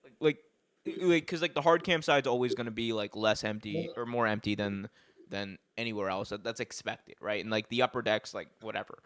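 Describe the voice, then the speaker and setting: A man's voice: lowish voice, fairly quick, fairly bright tone, clear, resonant tone. A young man co-hosting a casual wrestling podcast, talking loosely with lots of filler words. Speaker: podcast co-host.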